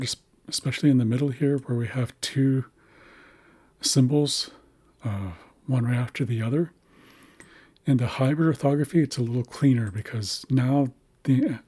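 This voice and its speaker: A man narrating a screen-share lesson, carefully explaining writing systems and slowly sounding out example words. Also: mid-range voice, a little mellow, husky. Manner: careful, slow spelling-out of words. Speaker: language teacher.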